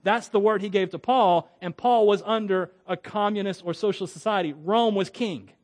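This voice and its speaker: A pastor from Florida delivering a sermon in a loose, conversational style. He wanders into side stories and chuckles often, and his male voice sits a little higher than most men's. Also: moderate pace. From Florida, USA.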